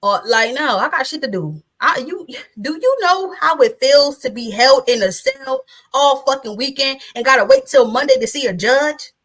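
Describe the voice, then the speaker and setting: A woman's voice: high-pitched, lively intonation, moderate pace, hardly any pauses, a bit bright. A woman in her thirties talking bluntly and profanely as an interview guest, often laughing. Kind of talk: casual interview chat.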